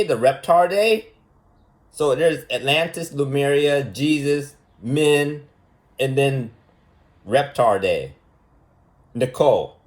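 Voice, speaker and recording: A man talking as a preschool teacher in a rambling, mocking monologue, repeating his points for emphasis. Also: fairly high pitch. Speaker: preschool teacher giving a lesson.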